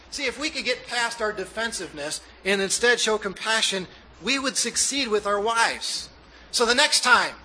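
Bright, high-voiced male pastor preaching. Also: slight background noise, poor audio. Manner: preaching with rising emphasis, acting out quoted dialogue. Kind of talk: sermon.

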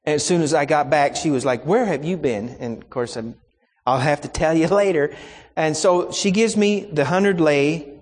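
High-voiced man preaching in a reverberant hall. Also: normal speed, a little mellow. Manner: folksy anecdotal telling with quoted exchanges. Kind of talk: sermon storytelling.

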